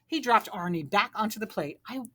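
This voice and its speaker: A woman reading a children's picture book aloud with expressive narration. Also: fairly low pitch, unhurried. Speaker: storybook reader.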